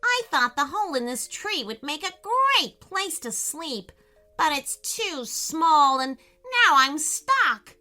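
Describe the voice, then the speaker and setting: A woman's voice: sits high, sing-song, slow, pushed and bright, soft background music, pitched above the performer's own voice, exaggerated voice. A woman voicing an indignant female raccoon who is stuck, in a children's storybook. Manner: indignant, complaining.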